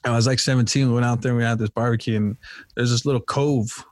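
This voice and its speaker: A man's voice: medium pitch, steady tone, fast, a little mellow, no echo, studio quality. A young man in casual chat who swears freely and keeps saying "dude" and "man". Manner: profane, says "dude" and "man" a lot.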